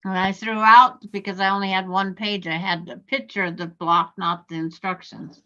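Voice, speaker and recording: A woman's voice: medium pitch, little pitch movement, moderate pace, bright, forceful tone. A woman quilter chatting casually on a video call, rambling through a list of sources. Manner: rambling, lists sources in passing. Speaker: quilter in an online group chat. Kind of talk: casual chat. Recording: muffled video-call audio.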